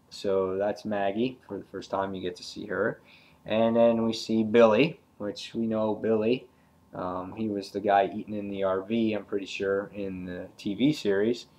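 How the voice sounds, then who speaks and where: A man's voice: fairly low pitch, a little mellow. A man casually reviewing a comic book, rambling with frequent fillers and restarts.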